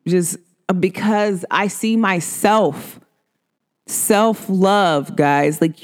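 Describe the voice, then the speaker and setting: A young adult woman in a casual self-help monologue, animated, laughing often and asking rhetorical questions. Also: mid-range voice. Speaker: vlogger.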